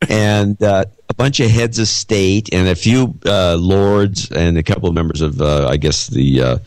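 A male podcast co-host with a very low voice chats casually, pressing his partner with skeptical, probing questions. The recording is close and dry. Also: moderate pace, darkish tone, no echo. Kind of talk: casual chat.

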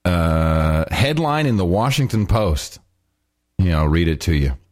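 A man's voice: deep voice, big pitch swings, a little slow. A man co-hosting a casual talk show, bantering and chuckling as he tells a story. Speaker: podcast co-host.

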